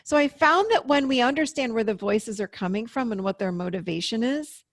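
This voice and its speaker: A woman in her fifties, a therapist, explaining in an animated way during an interview. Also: a little high, a little fast, no echo, studio quality. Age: 50s. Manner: animated, explaining with acted-out inner voices. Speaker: therapist and podcast guest. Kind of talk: interview conversation.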